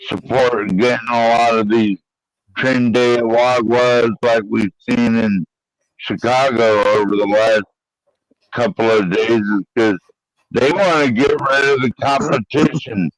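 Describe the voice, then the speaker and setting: A man of mid pitch talks slowly on a casual call-in panel, blunt and profane. His voice is dry, with no room echo. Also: steady tone. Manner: slow, blunt, profane opinions.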